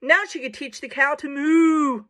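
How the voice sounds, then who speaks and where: Playful high-voiced woman reading aloud. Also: steady tone, a little slow, fairly bright tone. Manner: playful, chatty asides to viewers. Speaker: storybook reader for children. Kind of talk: reading a picture book aloud.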